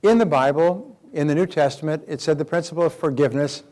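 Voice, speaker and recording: A man's voice: on the high side, fast talker, a little mellow. A middle-aged man giving a motivational seminar talk, emphatic and acting out quoted dialogue as he teaches. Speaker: self-development speaker.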